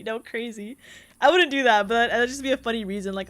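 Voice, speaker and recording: A woman's voice: a little high, animated, normal speed, fairly bright tone. Giggly young woman streamer. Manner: giggly, chatty, often laughing while reading chat. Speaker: VTuber streamer. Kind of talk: casual live-stream chat while gaming.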